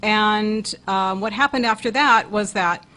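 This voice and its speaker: A woman's voice: mid-range voice, a little slow, bright, forceful tone, rough recording. A woman co-hosting a talk show who earnestly recounts a vivid personal experience, often restarting her phrases. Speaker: co-host, paranormal investigator.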